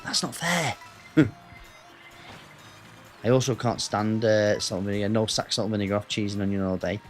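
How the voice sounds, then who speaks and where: A man's voice: fairly low pitch, fairly even intonation, brisk, darkish tone, soft background music. A man with an English accent chatting casually with his viewers as a gaming streamer, rambling and answering the chat.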